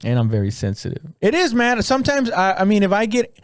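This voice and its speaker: 男性，说话起伏很大，音调偏高，录音很干. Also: male voice, high-pitched, fast, clean tone, dry recording, clean studio sound. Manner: crude, laughing, animated storytelling. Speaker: podcast co-host. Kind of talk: casual comedian chat.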